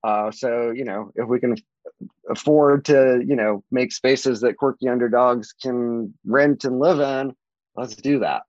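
A man's voice: a little slow, dry recording, muffled recording. A man, a real estate agent, talking casually in an interview, rambling with many fillers. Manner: rambling, many fillers, lively swings in pitch.

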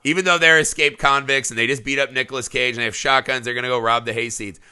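A man's voice: medium pitch, fairly even intonation, fast, pushed and bright, smooth. A man co-hosting a podcast, telling stories about movies with frequent laughter and some swearing. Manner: laughing often, storytelling, profane. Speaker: podcast co-host. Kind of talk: casual film discussion.

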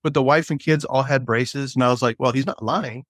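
A middle-aged man, a former border agent, telling stories in a relaxed way with many fillers and laughs. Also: mid-range voice, a little fast. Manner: laid-back, laughs often, many fillers. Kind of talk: casual storytelling.

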